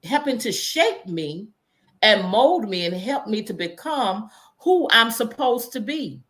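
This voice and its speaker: A woman's voice: on the high side, big pitch swings, takes it slowly, fairly bright tone. Earnest, reflective woman host. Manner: earnest and reflective, restarts phrases. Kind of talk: conversational interview.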